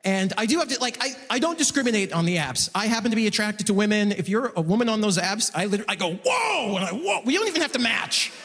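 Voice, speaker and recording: A man performing a stand-up comedy set, animated and jumping into high excited yelps when he acts things out. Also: quick pace, hardly any pauses. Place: comedy club stage. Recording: live show in a reverberant venue.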